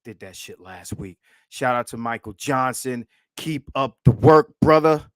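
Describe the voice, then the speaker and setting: A man's voice: medium pitch, a little slow, fairly bright tone, no room sound, studio quality. Mocking, profane male livestream host. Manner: profane, mocking, laughs often. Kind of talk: casual livestream commentary.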